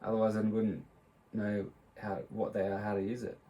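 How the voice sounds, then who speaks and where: A man's voice: on the low side, completely flat delivery, moderate pace, mellow. A man co-hosting a casual podcast chat, easygoing and hesitant, explaining things with many fillers. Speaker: podcast co-host.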